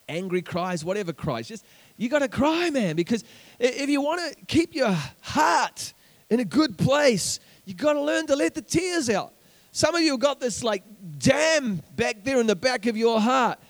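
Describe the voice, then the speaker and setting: Kiwi preacher, man with a high voice, repeats himself, rallies the congregation. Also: lively intonation, moderate pace. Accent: New Zealand. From New Zealand. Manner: repeats words as he builds, calls out to the congregation. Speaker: pastor. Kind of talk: sermon.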